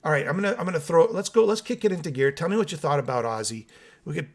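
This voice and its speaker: A man's voice: fairly high pitch, quick pace. Chatty opinionated man hosting a podcast. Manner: opinionated, chatty, addresses viewers directly. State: still waking up with coffee. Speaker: host of a metal music channel. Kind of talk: casual solo podcast reacting and reading comments.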